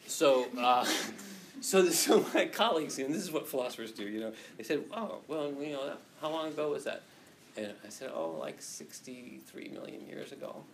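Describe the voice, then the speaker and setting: A man's voice: a little high, expressive, normal speed, slight background noise. Rambling self-mocking male teacher. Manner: rambling, self-deprecating, laughs often, many restarts. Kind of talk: classroom lecture with a personal story. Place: classroom.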